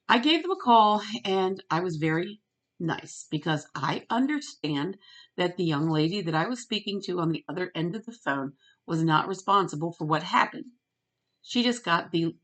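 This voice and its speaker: A middle-aged woman ranting in a storytime vlog, retelling a phone call and quoting both sides with lively emphasis. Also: lowish voice. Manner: animated, retells phone calls with quoted voices. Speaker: vlogger.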